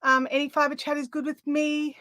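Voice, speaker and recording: A high-voiced Australian woman chatting casually as she hosts a live craft stream, laughing often and sounding a little puffed. Her voice is close and dry, with no room sound around it. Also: little pitch movement, moderate pace, bright, forceful tone, dry recording. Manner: chatty, giggly, easily amused. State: out of breath. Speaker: craft livestream host.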